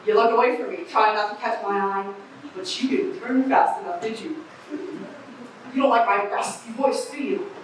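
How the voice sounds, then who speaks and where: A young woman acting on stage as an eccentric street bag lady who talks about aliens, with a raspy voice and a rambling, confiding manner. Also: medium pitch, moderate pace, slight background noise, natural voice. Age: teenager. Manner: rambling, confiding, pointing out the audience. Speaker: student actor. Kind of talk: stage monologue. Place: camp theater stage. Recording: echoey hall from far off.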